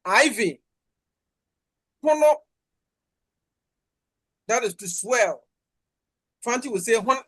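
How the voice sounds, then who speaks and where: Hombre profesor de Ghana, explicación académica pausada. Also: male voice, sits high, sharp tone, husky. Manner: careful, deliberate explaining with repetitions and restarts. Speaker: linguistics lecturer. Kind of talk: academic conference lecture.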